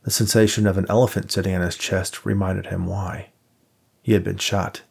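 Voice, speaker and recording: A man narrating an audiobook in a measured, even way. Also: deep voice, gravelly, husky. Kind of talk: scripted narration.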